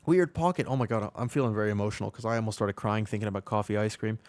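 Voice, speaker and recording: A man's voice: fairly low pitch, rapid-fire, darkish tone, no room sound. A young man live-streaming a video game from home, chatting casually and rambling to his viewers as he plays. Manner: chatty, rambling, answers chat, talks to himself. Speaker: streamer playing an online game. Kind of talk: casual live-stream chat while gaming. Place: home, in Thailand.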